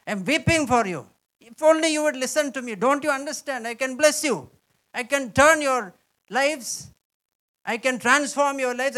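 A man's voice: very high-pitched, fairly bright tone, pitched above the performer's own voice. A man preaching who voices God as a heavenly father, pleading again and again with his people to listen. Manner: imploring, repeated rising pleas.

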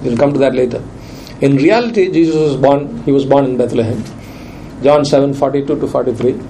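A man's voice: mid-range voice, a little fast, dark tone, a little hiss or hum, poor audio. A man preaching a sermon, emphatic and repeating his key lines for weight.

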